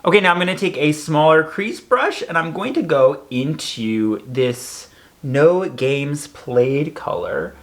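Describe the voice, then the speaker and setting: A man's voice: on the high side, expressive, takes it slowly. Male vlogger, casual and sassy, talking through a makeup look. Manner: chatty, sassy asides.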